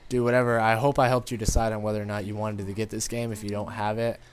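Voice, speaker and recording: A man's voice: fairly low pitch, level tone, quick pace, slight background noise. A man giving casual gameplay commentary, rambling and informal, talking straight to his viewers. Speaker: gaming commentator.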